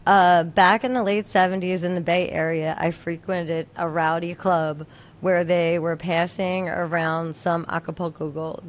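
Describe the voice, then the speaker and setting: A woman's voice: on the low side, level tone, a little slow. A woman co-hosting a casual late-night show, chatting and joking with playful asides. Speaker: co-host.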